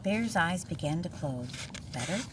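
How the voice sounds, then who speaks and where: A woman reading a picture book aloud to a child, expressive and gentle, pausing to chat about the pictures. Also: medium pitch. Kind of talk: storybook read-aloud with asides. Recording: distant mic, faint room noise.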